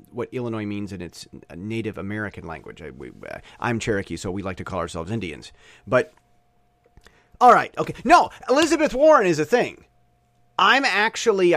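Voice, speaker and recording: A man's voice: mid-range voice, no echo. A man with a Michigan accent, a podcast host giving an opinionated, rambling monologue with many restarts. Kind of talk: casual monologue.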